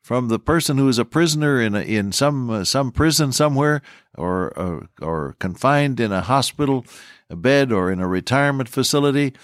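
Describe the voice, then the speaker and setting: A man's voice: mid-range voice, expressive, normal speed, dry recording, studio quality. An older man teaching the Bible on the radio, folksy and earnest, repeating his key lines. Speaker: radio preacher.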